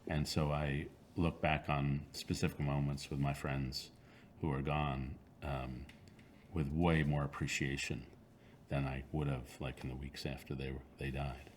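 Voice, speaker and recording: Very deep-voiced thoughtful man in his 60s. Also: level tone, a little hiss or hum. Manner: thoughtful, halting, with frequent fillers and restarts. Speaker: author being interviewed. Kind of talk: reflective interview answers.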